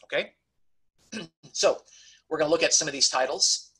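A man's voice: on the high side, normal speed, sharp tone, breathy edge, low-quality recording. A man teaching a Bible study, talking conversationally and checking in with his class often. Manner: conversational, repeatedly checks in with "okay?"; emphatic on key points, frequent restarts.

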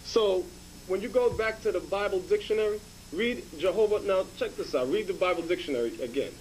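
A man's voice: high voice, fairly quick, darkish tone, a little hiss or hum, rough recording. A man teaching as a bishop, hammering his points home and checking in with "okay?" after each one. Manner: emphatic, repeats points with "okay?". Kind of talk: scripture lesson to a group.

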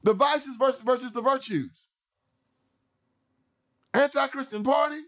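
A man's voice: very high-pitched, unhurried, fairly bright tone. A man hosting a political commentary show, delivering an emphatic, repetitive, sermon-like monologue. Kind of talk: preachy monologue.

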